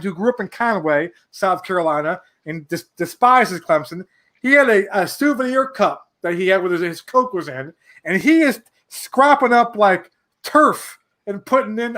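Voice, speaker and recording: A man in his forties from New York, a podcast guest telling a rambling, animated anecdote full of restarts. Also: sits high. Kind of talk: casual storytelling.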